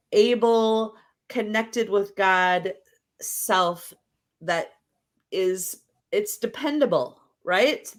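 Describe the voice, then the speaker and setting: A woman's voice: medium pitch, fairly bright tone. A woman guest in a casual interview, talking reflectively through an analogy and often checking in with "right?". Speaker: podcast guest.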